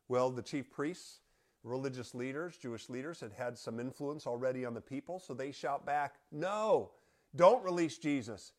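A man reading scripture aloud and explaining it to a Bible study group in an earnest, measured way. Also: mid-range voice, darkish tone.

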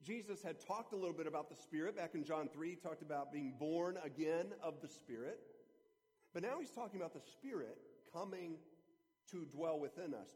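A man's voice: a little high, a little mellow. Earnest man preaching in a reverberant hall. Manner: earnest, conversational storytelling. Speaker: pastor. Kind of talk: sermon.

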